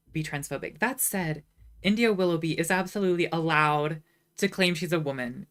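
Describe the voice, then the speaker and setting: A woman chatting casually on a livestream, reading chat messages and answering with sarcastic asides. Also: sits low. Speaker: streamer reading live chat.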